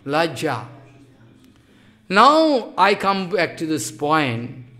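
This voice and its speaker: Man, high-pitched voice, fervent sermon, broken English, sudden loud bursts. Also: sing-song, extremely slow. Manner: impassioned, scolding, swings between loud outbursts and hushed asides; non-native English with broken grammar. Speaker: spiritual teacher. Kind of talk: devotional sermon.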